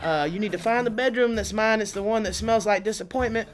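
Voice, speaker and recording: A woman's voice: mid-range voice, a little fast, soft background music. Chatty woman doing stand-up. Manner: animated, chatty, laughing often. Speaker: stand-up comedian. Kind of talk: stand-up comedy set. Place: studio under lights.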